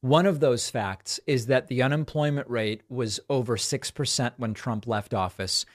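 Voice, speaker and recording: A male podcast host talks through the news with dry, cutting sarcasm. His pitch sits in the middle range, and he speaks in a steady commentary style. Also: moderate pace. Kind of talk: political commentary.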